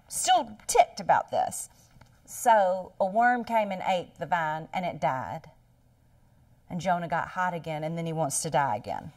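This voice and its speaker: A woman's voice: fairly low pitch, expressive, measured pace, dry recording, recorded from a distance. A woman leading a Bible study in a conversational style, dramatizing the story with laughing asides.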